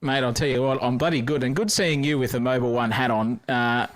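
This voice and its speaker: A man's voice: medium pitch, steady tone, brisk, dry recording, clean studio sound. An Australian man doing colour commentary for a race with boisterous, slang-filled banter.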